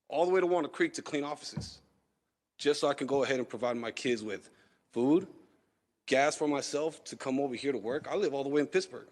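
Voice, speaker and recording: A school plumbing worker giving an earnest, emotional public comment at a board meeting, with frequent restarts. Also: male voice, mid-range voice.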